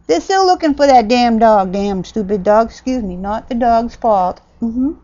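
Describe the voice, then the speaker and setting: A woman ranting bluntly and sarcastically in a casual vlog, jumping from loud outbursts to low mutters. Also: animated, normal speed, few pauses, highs cut off. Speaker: vlogger.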